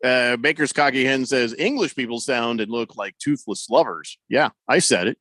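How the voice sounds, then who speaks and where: A man's voice: medium pitch, moderate pace, fairly bright tone, no room sound. A man hosting a radio show, reading listener messages aloud and teasing his co-hosts in casual banter. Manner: teasing, dry joking.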